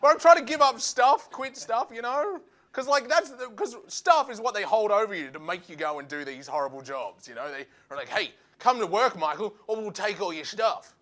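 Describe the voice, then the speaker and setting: A man doing a stand-up routine, animated and acting out voices in quick asides. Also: sits high. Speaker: stand-up comedian.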